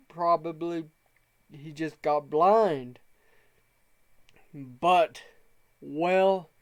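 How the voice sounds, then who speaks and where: Guy narrating his wrestling sim save, slow unhurried talk, smooth clear voice, reads the promos out kinda dramatic. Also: a little high. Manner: reads out promo quotes in a slightly raised voice, rates segments. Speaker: game show narrator.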